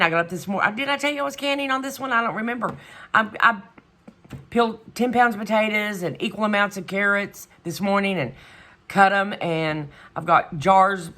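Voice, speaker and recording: A woman's voice: mid-range voice, pushed and bright. A middle-aged woman chatting casually in her home vlog, exasperated and rambling, trailing off with "whatever". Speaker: vlogger. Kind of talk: casual chat.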